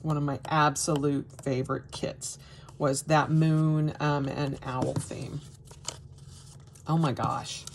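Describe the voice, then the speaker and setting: Gushing slow-talking woman. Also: deep voice, vocal fry, a little hiss or hum. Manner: gushing, excitable, many gasps and exclamations. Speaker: crafting vlogger. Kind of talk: casual unboxing vlog.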